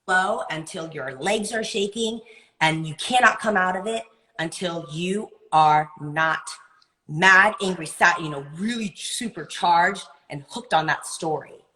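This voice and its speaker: A woman giving wellness advice in a live video-call interview, earnest and animated, sometimes acting out other people's voices. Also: lowish voice, measured pace, low-quality recording. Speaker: wellness guest.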